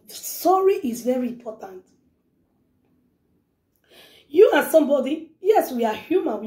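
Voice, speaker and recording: High-voiced woman preaching. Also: mellow, roomy sound. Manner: preachy, repetitive, emphatic. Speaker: vlogger. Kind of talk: motivational talk to camera.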